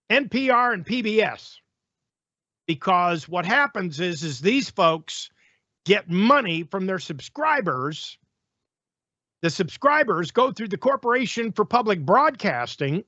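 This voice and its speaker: A man's voice: high-pitched, sharp tone, no echo, dull audio. A male talk show host giving opinionated, sarcastic news commentary in a ranting manner.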